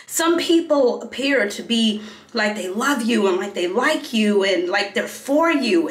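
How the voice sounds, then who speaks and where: A woman's voice: fairly high pitch, echoey room. A woman in her thirties, a beauty vlogger chatting casually while getting ready, telling stories and jumping from topic to topic. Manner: chatty, animated storyteller who jumps between topics.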